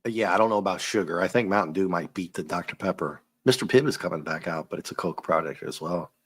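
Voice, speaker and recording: A man hosting a casual comic book review, joking and animated, often breaking into silly voices. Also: deep voice, quick pace. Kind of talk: casual chat.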